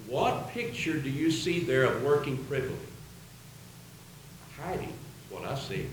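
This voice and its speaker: A man's voice: fairly high pitch, fairly bright tone, a little hiss or hum. A man preaching a sermon, reading and quoting scripture in an earnest way. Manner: earnest, quotes scripture aloud. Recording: very echoey room.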